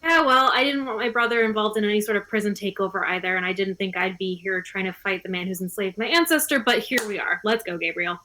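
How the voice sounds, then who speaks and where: A woman's voice: medium pitch, quick pace, hardly any pauses, bright, forceful tone. A woman playing a tabletop game, speaking earnestly in character. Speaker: player. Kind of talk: in-character role-play.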